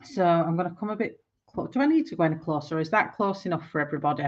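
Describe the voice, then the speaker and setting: A woman's voice: on the low side, animated, quick pace, highs cut off. A woman in her forties chatting casually on a live stream while she colours, rambling and laughing often. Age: 40s. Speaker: art livestreamer.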